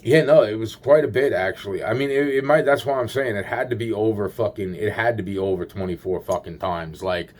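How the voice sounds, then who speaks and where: A man's voice: on the low side, brisk, few pauses, a little mellow. A man rambling through a paranoid personal story, swearing constantly and restarting his sentences.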